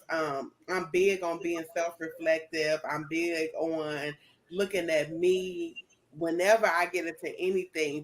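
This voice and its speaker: A woman co-hosting a podcast, talking casually and reflectively about a favorite song's lyrics. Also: lowish voice. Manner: reflective, chatty, many fillers. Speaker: co-host.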